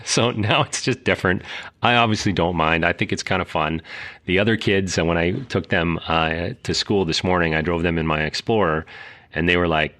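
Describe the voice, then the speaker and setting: A man's voice: deep voice, fairly even intonation, moderate pace, a bit bright. A middle-aged man hosting a casual solo podcast, talking in a rambling way with many fillers and restarts. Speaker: podcast host.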